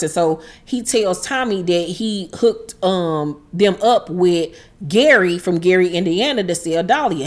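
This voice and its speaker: Animated woman recapping a TV episode. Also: fairly low pitch, a little slow, few pauses. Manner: animated retelling, acting out the characters' lines with profanity. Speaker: TV recap channel host. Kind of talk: casual episode recap chat.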